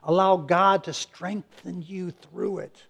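A man's voice: high voice, fairly even intonation, takes it slowly, creaky, fairly bright tone, slightly rough. A man preaching a sermon as pastor, earnest and conversational, often restarting words and acting out little quotes.

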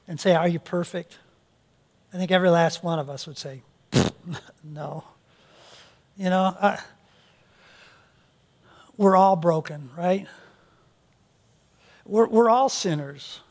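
Earnest high-voiced male pastor preaching. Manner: earnest, repeats words as he restarts. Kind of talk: sermon.

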